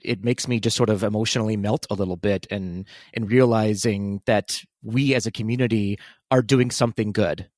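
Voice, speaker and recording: A man's voice: fairly low pitch, dry recording, studio quality. A man hosting a podcast interview, asking questions in a casual, chatty way with light laughs. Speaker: podcast host.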